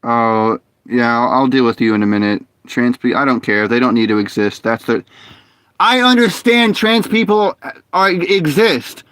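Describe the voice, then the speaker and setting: A man's voice: mid-range voice, lively intonation, normal speed, a bit bright, clean tone, no room sound. A man streaming a game live, muttering and complaining in frustration as he plays. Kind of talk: live gameplay commentary.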